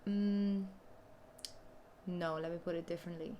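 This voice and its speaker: A woman's voice: on the low side, steady tone, unhurried, highs cut off, slight background noise. A woman giving a casual, chatty tarot reading, talking informally and often saying "you know". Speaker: tarot reader.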